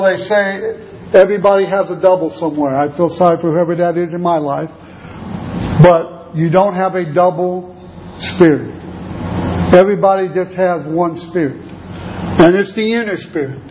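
A man's voice: high-pitched, highs cut off, noisy background. A man preaching a sermon to a congregation, with an emphatic, repetitive preaching cadence.

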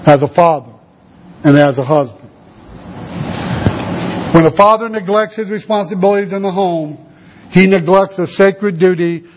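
A man in his sixties preaching a sermon to fathers, earnest and slowing down to stress key words. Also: sits high, darkish tone, highs cut off, slight background noise. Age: 60s. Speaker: pastor.

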